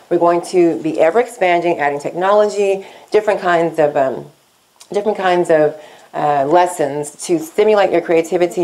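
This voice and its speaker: A woman teaching a scripted Spanish lesson, speaking slowly and deliberately as she switches between English and Spanish. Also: fairly low pitch, darkish tone, low-quality recording.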